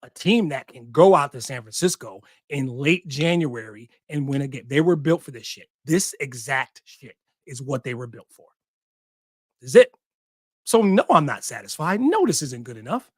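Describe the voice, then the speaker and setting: A man with a medium-pitched, animated voice hosts a sports podcast at a normal speed, arguing emphatically in short, repeated punchy lines with the odd curse. The recording is studio quality with no room sound.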